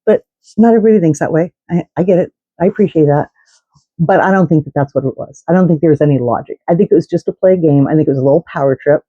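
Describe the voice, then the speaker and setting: A woman's voice: deep voice, rapid-fire, warm tone, husky, no room sound, highs cut off. A woman vlogger telling a story in a casual, indignant way, swearing and restarting her sentences.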